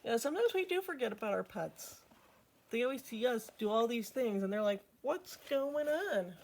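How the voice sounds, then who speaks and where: A woman's voice: on the high side, expressive, a little fast. A woman reading a picture book aloud to children as a storytime host, with chatty asides to her listeners.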